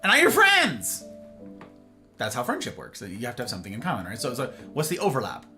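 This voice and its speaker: Streamer host, male, bright tone, animated rambling chat, faint guitar underneath. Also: medium pitch, racing. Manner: rambling, animated, acts out little dialogues. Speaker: livestream host. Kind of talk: casual chat with live viewers. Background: faint guitar music.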